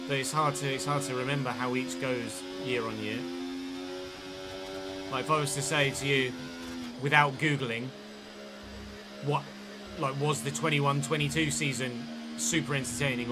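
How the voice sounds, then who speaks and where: An English man chatting and thinking aloud as he commentates on his own live gameplay stream. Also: mid-range voice. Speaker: game streamer.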